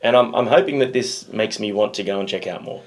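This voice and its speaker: A man's voice: on the low side, quick pace. A man with an Australian accent co-hosting a music reaction show, chatting in an easygoing, self-deprecating way. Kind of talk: casual chat.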